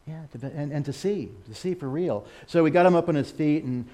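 An American man giving a sermon over a slideshow, animated, with laughing asides and excited exclamations. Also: fairly high pitch, brisk. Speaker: missionary speaker.

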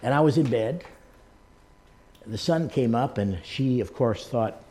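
An earnest male pastor preaching, his voice sitting at an ordinary middle pitch. He speaks in a lively storytelling manner, leaning into each anecdote. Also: a little slow. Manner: earnest storytelling, acting out the people he quotes. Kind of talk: sermon with personal stories.

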